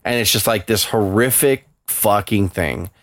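A man's voice: fairly low pitch, unhurried, no echo, clean studio sound. A man co-hosting a podcast, talking casually and emotionally with a lot of swearing and bursts of anger. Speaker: podcast co-host.

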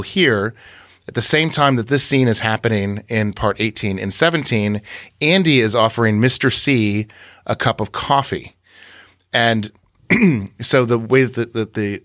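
A man's voice: medium pitch, fairly bright tone, dry recording, clean studio sound. A man co-hosting a podcast, recapping and analyzing scenes in a meandering, self-correcting way. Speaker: podcast co-host. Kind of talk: casual podcast discussion.

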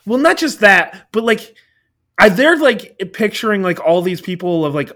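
Man, somewhat high voice, lively ups and downs, playful pushback. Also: moderate pace. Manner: playful, pushes back, laughs often. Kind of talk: casual chat.

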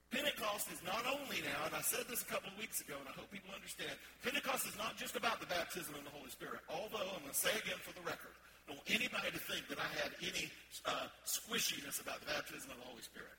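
A man preaching a sermon as a pastor in a church, building to emphatic, forceful stretches. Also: high-pitched, expressive, fast, background noise. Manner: emphatic preaching with rising bursts of intensity. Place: church sanctuary.

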